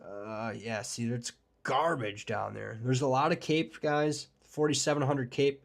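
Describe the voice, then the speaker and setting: A man hosting a live weather forecast stream, talking casually and rambling with lots of fillers, excited about storms and chatting with viewers. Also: medium pitch, a little slow, gravelly. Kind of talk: live forecast discussion with chat.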